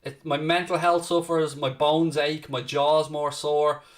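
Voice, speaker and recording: A man's voice: a little high, little pitch movement, unhurried. An Irish man hosting a live football watchalong, chatting casually and answering viewer questions, calling people "mate". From Ireland. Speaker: watchalong host. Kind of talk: casual live-stream chat.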